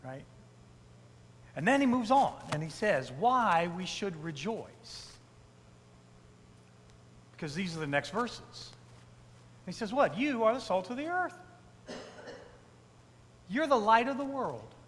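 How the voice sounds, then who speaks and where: A male pastor with a high, very animated, slightly bright voice preaches slowly, leaving long pauses, in a church sanctuary with long reverb and slight background noise. His sermon is conversational, full of "right?" asides to the congregation and emphatic repetition of key phrases.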